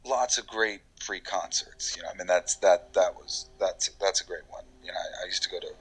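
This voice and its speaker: A man's voice: low-pitched, brisk, husky, soft background music, poor audio. A man from New York, a voiceover actor, talking in a loose, rambling way with casual swearing in a podcast interview. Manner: rambling, many fillers and restarts, casual swearing.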